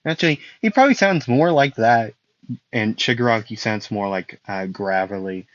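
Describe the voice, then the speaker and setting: A man's voice: on the low side, moderate pace, no echo, highs cut off. A man improvising a fan story, rambling and correcting himself with lots of fillers.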